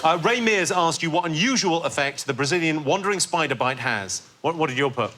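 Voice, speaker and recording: A man's voice: a little high, expressive, a little fast, background noise. Dry teasing male quiz host. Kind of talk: panel quiz hosting. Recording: studio with loud audience.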